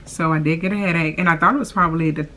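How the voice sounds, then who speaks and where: A woman's voice: low voice, steady tone, racing, sharp tone, a little hiss or hum. A young woman chatting casually to camera, drawling "y'all" and filling her talk with "like" and "oh my gosh". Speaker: vlogger.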